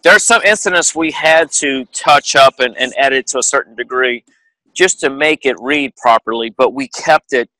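Bright, emphatic male radio co-host. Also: mid-range voice, moderate pace, no room sound, low-quality recording. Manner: earnest and emphatic. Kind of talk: talk show conversation.

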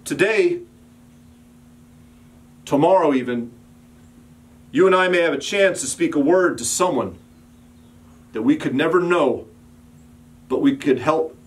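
A male pastor delivering a sermon with a slightly high voice. He builds emphatic, repeated calls and at times drops low and soft to tell a story. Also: animated, a little slow, pauses often.

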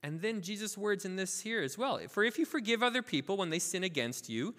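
A man preaching a sermon as pastor, telling a parable with lively asides and acting out the characters' voices. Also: high-pitched, a little fast, long reverb tail. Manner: informal, filler-heavy asides. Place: church sanctuary.

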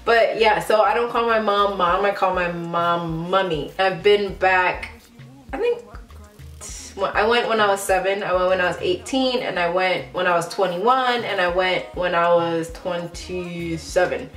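A woman's voice: on the low side, a little slow, a bit bright. A woman in her late twenties from a Ghanaian family in the United States, talking candidly in a casual vlog and filling her speech with "like.". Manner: chatty and candid, many "like" fillers. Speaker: vlogger. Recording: roomy echo, faint background music.

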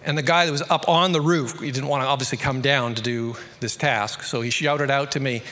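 Australian pastor with a bright, ringing voice. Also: male voice, medium pitch, steady tone, long reverb tail. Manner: conversational, storytelling, quickening to emphatic peaks. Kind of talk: sermon.

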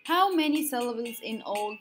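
A woman teacher slowly counting syllables for young pupils, with clear emphatic clapping and counting. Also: fairly high pitch, faint music behind. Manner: slow, clapping out syllables, lively sing-song.

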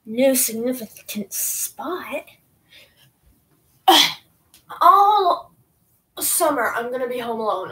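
Teen girl vlogger, high voice, unhurried, rambling and self-mocking, talks to pets at home. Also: a bit bright, low-quality recording. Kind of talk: casual vlog chat. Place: home, bathing kittens.

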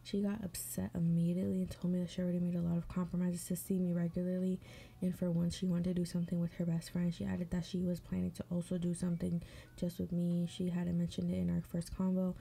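A woman's voice: fairly low pitch, monotone, fast, gravelly, dark tone, breathy edge. A woman hosting an advice show, chatting casually and bluntly with lots of swearing while doing her makeup and reading stories, sometimes mumbling under her breath. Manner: blunt, profane running commentary.

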